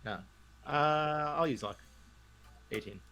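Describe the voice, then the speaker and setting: A man's voice: on the high side, slow, creaky, sharp tone. A man playing a tabletop game, chatting casually and often repeating his words. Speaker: player.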